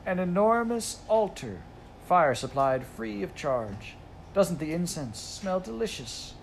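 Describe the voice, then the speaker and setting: A man's voice: mid-range voice, lively intonation, moderate pace, a little hiss or hum, natural voice. A man reading aloud, voicing a stately, self-satisfied magical phoenix bird in a storybook. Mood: complacent. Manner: gentle, complacent and stately. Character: grand, vain, solemn magical phoenix bird.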